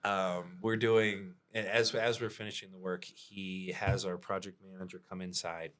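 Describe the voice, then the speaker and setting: A man's voice: low voice, little pitch movement, normal speed, a bit bright. A male roofing contractor telling work stories in a casual podcast chat, laid-back, with frequent chuckles and fillers.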